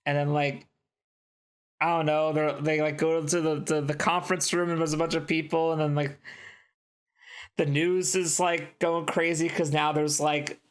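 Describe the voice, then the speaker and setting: A man with a fairly high voice co-hosts a casual podcast. He rambles through film plots in an animated, offhand way and slips in quick quoted lines as he goes. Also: clear, resonant tone. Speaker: podcast co-host. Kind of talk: casual chat.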